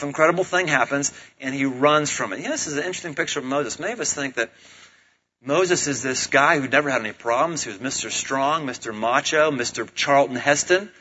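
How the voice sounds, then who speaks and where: Brief: casual, joking male pastor, bright and fairly high. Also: highs cut off. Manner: casual, humorous, animated preaching. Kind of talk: sermon.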